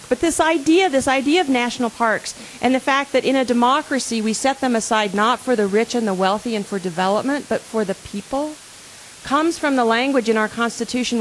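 At a moderate pace and a slightly high pitch, the woman from the park service asks her audience questions, keeping things earnest and conversational. Slight background noise runs under the low-quality recording.

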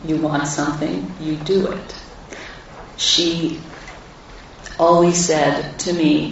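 A woman with a low, gravelly voice tells stories with wry humor to a live audience. She sounds far from the mic in a booming, echoing hall. The sound is dull and a little muffled. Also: fairly even intonation, takes it slowly, pauses often, a little hiss or hum. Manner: warm anecdotal, wry humor. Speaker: speaker at a live talk event. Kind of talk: personal storytelling to an audience.

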